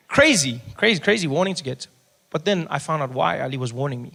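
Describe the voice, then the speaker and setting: A man from Africa, telling stand-up stories in an animated way and acting out the people he meets. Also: on the high side, a little fast, vocal fry, a little hiss or hum. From South Africa. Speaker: stand-up comedian. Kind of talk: stand-up comedy storytelling.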